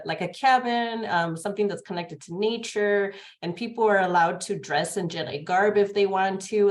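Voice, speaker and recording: A woman in a casual group discussion, speaking hesitantly with many pauses and fillers. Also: lowish voice. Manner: hesitant, many ums and uhs. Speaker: Jedi community member.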